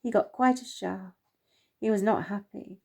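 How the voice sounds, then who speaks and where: A woman gently reading her own children's story aloud, unhurried, with small slips. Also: mid-range voice, gravelly.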